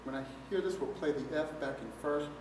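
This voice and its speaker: In a music lesson demonstration, a man teaching trombone speaks fairly quickly in a highish voice, walking through articulation methodically, one step at a time. The distant mic captures a very echoey room, with trombone playing behind him.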